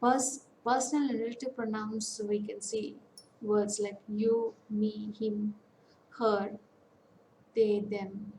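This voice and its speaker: A woman giving an online lecture, slowly listing example words one by one with pauses. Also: mid-range voice, level tone, warm tone, echoey room, slight background noise, poor audio. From India. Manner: slow, deliberate, lists words one by one with pauses. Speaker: academic counsellor. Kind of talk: online lecture on English phonetics.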